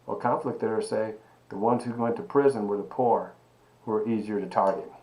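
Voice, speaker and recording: A man teaching an online sociology lecture, animated and emphatic, asking rhetorical questions and calling his students baby. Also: on the low side, brisk, rough recording. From Miami. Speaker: sociology professor.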